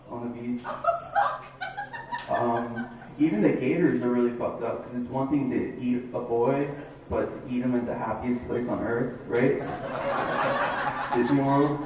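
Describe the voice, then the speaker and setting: A man's voice: medium pitch, distant mic, muffled recording, very noisy. Rambling comic man in an echoey bar. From Florida. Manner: halting, rambling delivery with many fillers. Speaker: stand-up comic. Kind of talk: stand-up comedy set. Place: dive bar.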